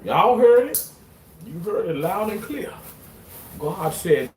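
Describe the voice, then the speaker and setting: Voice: mid-range voice, big pitch swings, takes it slowly, long pauses, a little mellow, slight background noise. A livestreamer ranting comically, joking and swearing, with mock-tearful theatrics. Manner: swears freely. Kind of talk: comedic livestream rant. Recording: roomy, distant from the mic.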